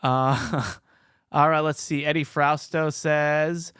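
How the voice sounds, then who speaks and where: Speaking slowly in a clear, resonant voice on the high side, a man hosts a podcast where he tells animated stories in casual chat and reads listener comments. The recording is dry and of studio quality.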